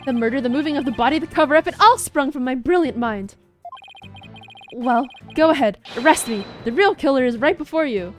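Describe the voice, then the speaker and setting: A woman's voice: sits high, fairly quick, soft background music, lightly acted. A woman voicing an arrogant male killer in a video game, speaking grandly and theatrically. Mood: grandiose.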